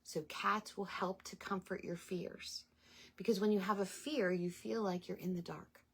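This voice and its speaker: A woman's voice: medium pitch, fairly even intonation, normal speed, creaky, slightly rough. A middle-aged woman hosting a casual spiritual talk to viewers, chatty and meandering with many ums. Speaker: spiritual channel host.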